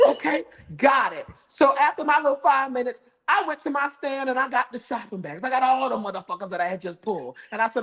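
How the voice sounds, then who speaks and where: A man telling a comedic story in a sassy, profane, animated way. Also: very high voice, fairly quick, hardly any pauses.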